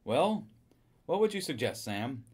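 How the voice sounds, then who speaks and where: A man voicing a housewife who acts calm and natural while hiding a killing, raising his pitch for her. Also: a little slow, slightly rough. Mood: sweetly casual.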